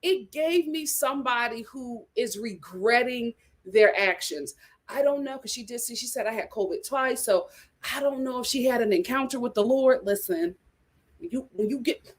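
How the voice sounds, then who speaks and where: A woman hosting a reality TV recap, talking in a lively, gossipy way with sudden exclamations and laughter. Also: a little high, normal speed. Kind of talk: casual recap chat.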